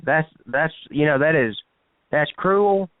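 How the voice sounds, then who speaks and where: A male podcast host talks hesitantly, padding his speech with fillers and restarts. His voice is smooth and clean but arrives dry and narrow, like a phone line. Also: a little high, animated, slow pace, no echo. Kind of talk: casual interview hosting.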